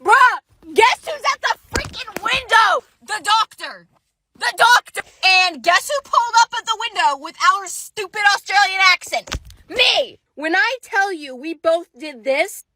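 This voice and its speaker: A young woman content creator telling funny stories to camera in a dramatic, animated way. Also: very high-pitched, a little hiss or hum. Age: young adult. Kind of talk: casual storytelling vlog.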